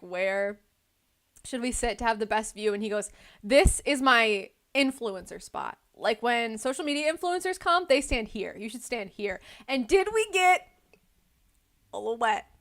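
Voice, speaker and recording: A woman's voice: a little high, a bit bright. A young woman co-hosting a podcast, chatting casually and rambling with lots of likes and ums. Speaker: podcast co-host. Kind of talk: casual chat.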